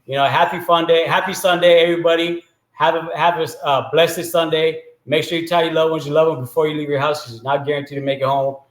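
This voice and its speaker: A man's voice: on the high side, little pitch movement, quick pace, roomy sound, low-quality recording. Chatty man telling a joke story. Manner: chatty, frequent throat clearing. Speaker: storyteller host.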